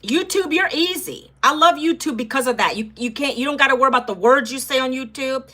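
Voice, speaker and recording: Bright sharp-voiced lady in her fifties chatting on a live stream, repeats herself a lot. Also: high-pitched, a little fast. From Northern Virginia. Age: 50s. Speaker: livestream host. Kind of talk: casual livestream chat.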